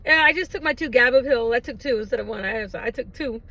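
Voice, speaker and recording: A woman's voice: a little high, fast, rough recording. A middle-aged woman chatting casually to camera, telling a story with laughs and squealed quotes. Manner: animated, laughing storyteller who acts out her own squeals. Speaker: vlogger. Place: in a parked car.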